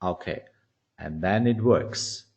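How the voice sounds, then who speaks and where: Speaking slowly in a low voice, a man who teaches trading delivers a storytelling lecture in English. He is blunt and animated, curses freely, and quotes other people in changing voices.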